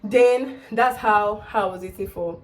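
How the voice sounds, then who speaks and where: A young woman with a Nigerian accent, a vlogger telling her story to camera fast and excitably. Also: mid-range voice, distant mic. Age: young adult.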